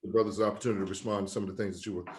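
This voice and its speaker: A man moderating an event, talking in a quick, friendly, casual way. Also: on the low side, steady tone.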